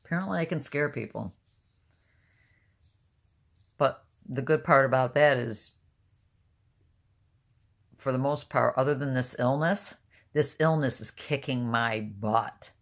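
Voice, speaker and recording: A woman's voice: extremely low pitch, measured pace, gravelly, long pauses. An older woman talking casually to camera, blunt and rambling, openly emotional. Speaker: vlogger.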